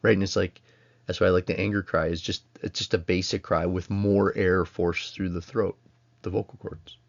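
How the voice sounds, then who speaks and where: Low, gravelly-voiced man lecturing. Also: flat delivery, normal speed, lo-fi sound. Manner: casual, rambling, self-interrupting. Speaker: college instructor. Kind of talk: recorded lecture.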